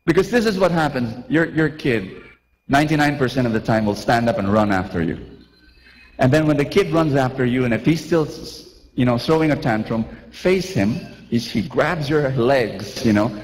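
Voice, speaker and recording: Animated man preaching in a reverberant hall. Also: medium pitch, normal speed, slight background noise. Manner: animated, acts out little scenes, asks the crowd questions. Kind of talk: lively sermon.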